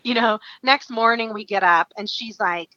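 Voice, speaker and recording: A woman from Alaska, a podcast guest, telling a story in a lively, chatty way. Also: on the high side, moderate pace, no room sound, lo-fi sound. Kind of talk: casual storytelling.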